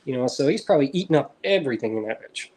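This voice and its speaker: An American man in casual chat, swearing constantly and telling stories with animated energy. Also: mid-range voice, very fast. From United States. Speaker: reptile breeder streamer.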